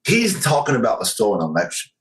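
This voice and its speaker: A man's voice: mid-range voice, wildly swooping pitch, fast, rough recording. A man talking earnestly as a podcast guest, building his point with analogies and many fillers. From United States. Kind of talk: casual podcast conversation.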